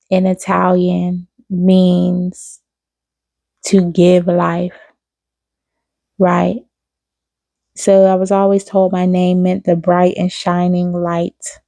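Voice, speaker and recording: A woman delivers an intuitive spiritual reading straight to her viewers, gravelly and mellow in tone. She keeps her pitch fairly flat and close to the mic in a dry space. She talks affectionately, calling the listener baby and repeating key phrases. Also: no echo. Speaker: spiritual reader on her own channel.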